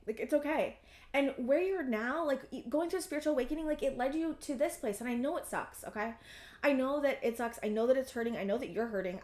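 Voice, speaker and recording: A young woman giving a collective tarot reading, rambling with many fillers and gently reassuring the listener. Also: fairly high pitch, echoey room. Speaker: tarot reader.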